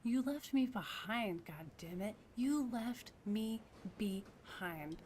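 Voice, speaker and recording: A woman doing a volatile young ex-cop in a video game, grieving and quick to snap, swearing through angry rants. The voice sits fairly high, with a faint hiss behind it. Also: darkish tone, natural voice. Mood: bitter.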